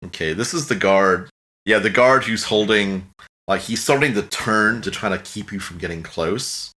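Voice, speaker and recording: A man's voice: on the low side, normal speed, bright, forceful tone. A man narrating a tabletop game as game master in a casual, rambling way, slipping into brief character voices.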